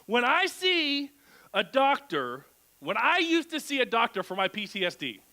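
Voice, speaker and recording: A man's voice: extremely high pitch, normal speed, poor audio. A male pastor preaching a conversational sermon in a church, often checking in with the congregation through rhetorical questions. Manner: animated, asks the crowd rhetorical questions.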